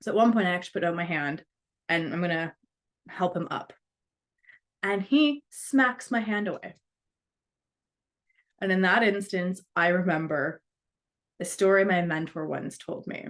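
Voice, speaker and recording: A woman's voice: lowish voice, measured pace, long pauses. A woman giving a storytelling talk, earnest, acting out the voices of the people she quotes. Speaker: speaker.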